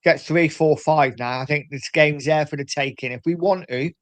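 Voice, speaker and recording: A man's voice: on the high side, moderate pace, no room sound. A man co-hosting a live football watchalong, chatting in an easygoing way with a few hesitations. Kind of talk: casual football chat.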